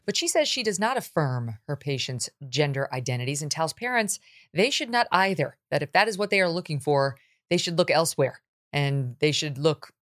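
A middle-aged woman hosting a talk show, blunt and animated, quick to laugh. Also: fairly low pitch. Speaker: host.

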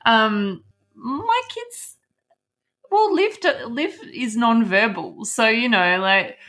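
A woman's voice: fairly high pitch, expressive, takes it slowly, a bit bright. A woman co-hosting a casual parenting chat, talkative and laughing often. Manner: chatty, laughs often, acts out her child's words. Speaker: podcast co-host.

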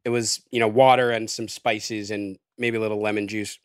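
A man's voice: on the low side, moderate pace, clear, resonant tone, dry recording, studio quality. A man chatting as a podcast guest, rambling with lots of fillers as he describes a meal. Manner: relaxed, rambling with many fillers. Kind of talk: casual podcast chat.

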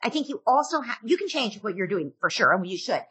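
A woman's voice: fairly high pitch, very animated, fast talker, bright, forceful tone, slightly rough. A woman who is a parenting author, giving advice in a podcast interview, earnestly checking in with "right?" as she makes her points. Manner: acts out parent and child quotes.

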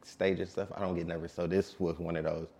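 A man in his late twenties from Detroit, a DJ talking calmly and in a laid-back way as an interview guest. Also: low-pitched, fairly quick, gravelly. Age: late 20s. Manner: calm, laid-back talker. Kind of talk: casual interview.

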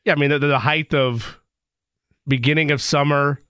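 A man co-hosting a sports talk radio show, bantering quickly and agreeably. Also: fairly high pitch, fairly even intonation, a bit bright, clear, resonant tone, no echo, studio quality. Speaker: radio co-host.

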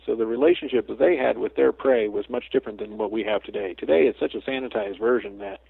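Man, interview guest, gravelly husky voice, chatty storyteller, phone-line sound. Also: mid-range voice, fast, dry recording. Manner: chatty storyteller, slips into lively quoted asides. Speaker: guest psychic medium. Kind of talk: casual interview chat. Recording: tinny phone line, dry.

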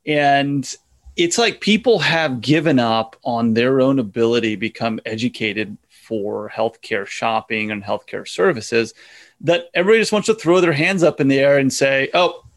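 A man hosting an interview, talking things through in a thoughtful way, with frequent restarts and "you know"s. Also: mid-range voice. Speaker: podcast host. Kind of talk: interview conversation.

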